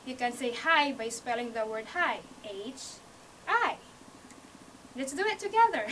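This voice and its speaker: A high-pitched woman with a Hawaii accent gives an encouraging classroom speech, talking her listeners through each step. She is picked up by a camera across the room, set somewhat back from the mic, with a faint hiss underneath. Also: animated, measured pace, fairly bright tone, far from the mic, poor audio. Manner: non-native phrasing, small grammar slips. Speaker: student speaker teaching sign language basics. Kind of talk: classroom speech to a small audience. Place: university media room. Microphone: camcorder from across the room.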